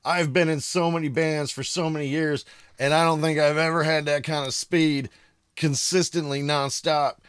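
An excitable American man hosting casual reaction commentary at home, bursting into shouts of amazement. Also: a little high, moderate pace, clean tone, no room sound, studio quality. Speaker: reaction video host. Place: home room.

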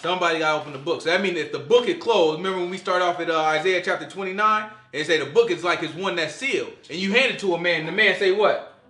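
A man leading an informal Bible study, lively and acting out scenes in quoted voices. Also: high voice, fast talker. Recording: echoey room.

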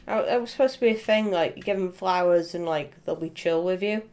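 Excitable woman gaming streamer. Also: lowish voice, brisk. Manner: excitable, laughs often, swears casually. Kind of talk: casual gameplay banter.

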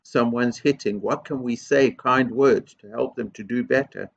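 Gentle, gravelly headteacher speaking to children. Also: male voice, mid-range voice, highs cut off. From England. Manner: slow, gentle and encouraging, addressing young children. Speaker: primary school headteacher. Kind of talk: school video assembly talk.

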